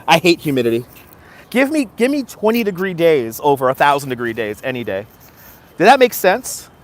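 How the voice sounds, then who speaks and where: A man with a high-ish, very animated voice talks a little fast as he live-streams from his phone on a city street. Upbeat and chatty, he greets viewers by name and offers them motivation.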